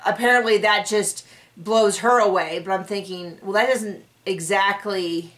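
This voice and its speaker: A woman's voice: mid-range voice, unhurried, fairly bright tone, distant mic. A young woman recapping a reality TV episode in casual commentary, sarcastic and exasperated, now and then mocking people in put-on voices. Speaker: recap reviewer.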